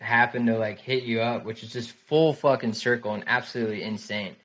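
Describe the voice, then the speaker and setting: A man's voice: medium pitch, steady tone, fairly quick, a bit bright, slightly rough, rough recording. A man co-hosting a podcast in casual chat, blunt and swearing freely as he adds to the story.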